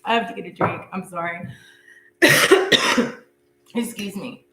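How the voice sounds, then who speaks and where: A woman's voice: mid-range voice, very animated, slow, bright, forceful tone. A middle-aged woman giving a casual live tarot reading, chatty and blunt, laughing often and cursing freely. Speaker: tarot reader. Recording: echoey room with faint hum.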